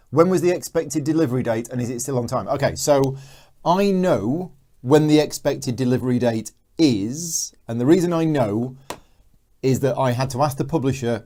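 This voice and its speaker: A man talks through a live board game unboxing in a relaxed, rambling way, answering viewers' comments as they come in. His voice is mellow and dark, and it sits at an ordinary middle pitch. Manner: chatty, reads viewer comments aloud. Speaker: board game channel host.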